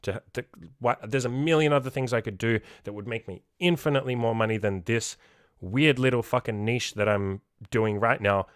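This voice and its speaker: A man hosts a self-improvement podcast in a loose, unscripted monologue. He is blunt and swears freely, and he repeats words to drive a point home. His voice sits at an ordinary male pitch and sounds dry and close to the mic. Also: normal speed, clear, resonant tone, no echo.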